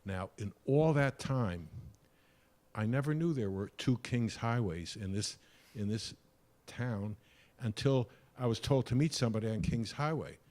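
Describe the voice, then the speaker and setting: A man's voice: mid-range voice, animated, unhurried, darkish tone. An older retired man giving a rambling, hesitant public comment at a town board meeting. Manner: rambling, hesitant with many uhs.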